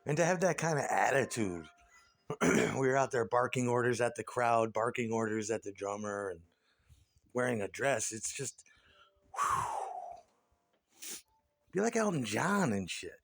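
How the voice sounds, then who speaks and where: A man's voice: mid-range voice, normal speed, a bit bright. A man talking casually in an interview, ranting and scornful, with lots of swearing.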